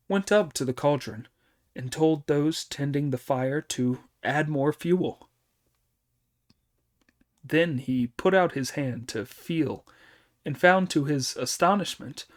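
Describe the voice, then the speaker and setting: A man reads a classic tale aloud as audiobook narration. His delivery is slow and measured, every phrase given room. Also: a little high. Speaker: audiobook reader.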